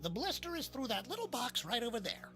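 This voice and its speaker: A performer playing a preachy new-age docent in a video game, talking in a serene, lecturing way. The bright voice swoops widely up and down, with faint music behind it. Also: medium pitch, sing-song, brisk. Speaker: game character.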